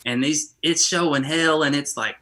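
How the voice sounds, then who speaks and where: A man co-hosting a church podcast, telling a childhood story in a lively, chatty way with many restarts. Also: on the high side, normal speed. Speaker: podcast co-host. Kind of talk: casual storytelling chat.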